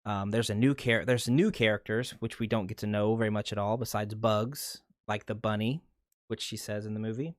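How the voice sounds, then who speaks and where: A man's voice: on the low side, steady tone, normal speed, no room sound, studio quality. A man giving a casual movie review in a rambling way, sometimes losing his train of thought.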